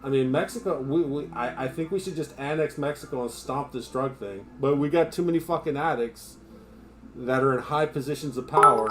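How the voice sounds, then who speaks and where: A man's voice: medium pitch, fairly quick, over music, crowd noise. Profane ranting male live streamer. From United States. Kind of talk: casual live-stream chat.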